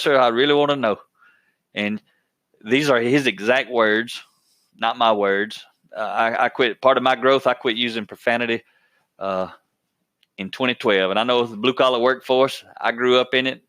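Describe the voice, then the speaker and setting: A man's voice: medium pitch, fairly bright tone, dry recording. A man hosting a podcast, telling a workplace story in a plainspoken, folksy way, often repeating his words as he goes. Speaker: podcast host.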